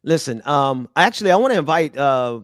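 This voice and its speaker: A man's voice: a little high, big pitch swings, brisk, no room sound, clean studio sound. A man hosting a casual political chat, laughing often, then earnest and rallying. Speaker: host.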